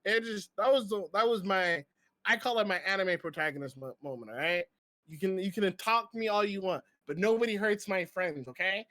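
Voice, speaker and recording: A young man co-hosting a podcast, telling animated, slangy, profane stories in casual chat. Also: high-pitched, normal speed, no room sound. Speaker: podcast co-host.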